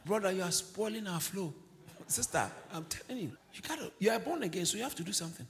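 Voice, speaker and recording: A male pastor preaching a sermon, shouting exhortations, then dropping into low asides, with laughs along the way. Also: animated, fast talker, vocal fry. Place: church hall. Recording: long hall reverb.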